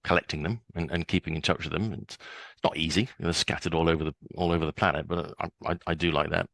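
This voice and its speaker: A man's voice: rumbling low, steady tone, quick pace, vocal fry, fairly bright tone, no room sound. A man in his sixties, a guest on a podcast interview, chatty and often repeating words as he starts a sentence.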